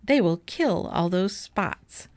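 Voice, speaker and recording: A big storybook cat who boasts and bosses everyone around, put on by a woman reading aloud. The lines come slowly and showily. The sound is dry and close. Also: fairly low pitch, lively intonation, dry recording. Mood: boastful. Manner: showy, boasting, bossy.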